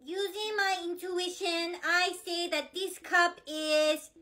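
A woman voicing an excitable, bratty little girl who squeals and giggles. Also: very high-pitched, slow pace, soft background music, heavily acted. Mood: excited.

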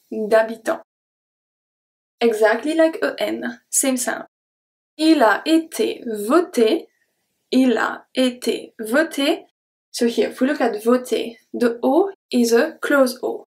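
A woman teaching pronunciation, saying each word slowly and repeating it before she explains its sounds. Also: fairly high pitch, darkish tone. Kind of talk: slow word-by-word pronunciation lesson.

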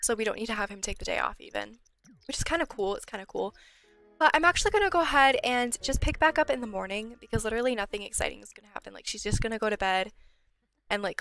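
A woman's voice: a little high, fairly bright tone, no room sound. A young woman giving casual, chatty let's-play commentary on a life-sim game, sometimes dropping to a whisper. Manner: chatty, drops to whispers when worried. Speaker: gameplay channel host.

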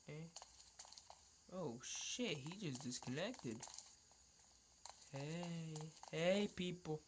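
A low-pitched woman gamer talks viewers through a match as it happens. Her delivery is slow and drawn out, and it keeps tipping into excited trash talk, curses and taunts repeated over and over. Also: background noise. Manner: repeats words in taunting bursts. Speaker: gaming channel host. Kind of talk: live gameplay commentary.

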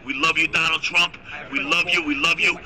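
A man acting as co-host and hype-man on a live stream, repeating loud slogans. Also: a little high, steady tone, a little fast, rough recording. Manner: loud, repetitive, hyped slogans.

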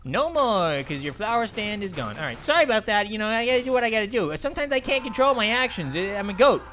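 A woman giving excitable, giggly let's play commentary, often apologizing to game characters. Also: medium pitch, fast, a little hiss or hum. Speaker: gaming channel host.

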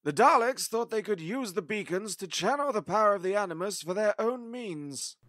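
A grave, weary time-traveller, played by a man in a fan audio drama, his high voice set close and dry. He speaks with heavy emphasis, as if carrying the weight of a long war. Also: expressive, normal speed, fairly bright tone, no echo.

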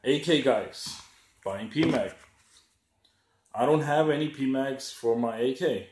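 A man's voice: medium pitch, slow. A man ranting in a profane, sarcastic vlog, often mocking others by raising his voice. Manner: heated, sarcastic, swears a lot, mocks others in a raised voice. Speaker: gun channel vlogger. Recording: echoey room.

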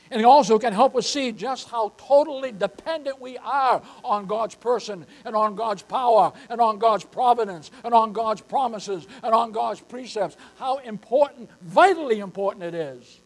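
A man's voice: sits high, moderate pace, rough recording. An older man preaching a sermon as pastor, emphatic and repeatedly calling his listeners beloved.

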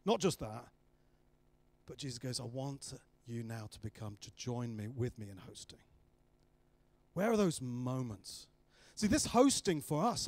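A man preaching a sermon, telling the story with lively acted-out voices of the people in it. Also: mid-range voice, a little slow. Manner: animated storytelling, acting out voices of the disciples.

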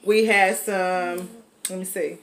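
Bright-voiced chatty woman vlog host. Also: fairly low pitch, fairly even intonation, slow pace, a little hiss or hum. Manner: chatty, laughing, drawling colloquial speech. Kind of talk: casual mukbang chat.

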